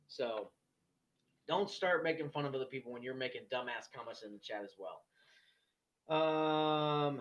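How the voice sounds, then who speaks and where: Blunt, profane man on lo-fi stream audio. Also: mid-range voice. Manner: blunt and profane, talks back to trolls. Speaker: livestream host. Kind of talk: casual live stream, reading chat aloud.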